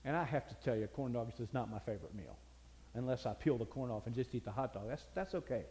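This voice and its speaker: A man's voice: medium pitch, lively intonation, quick pace, mellow. Brief: older male pastor, folksy storytelling sermon, echoing hall.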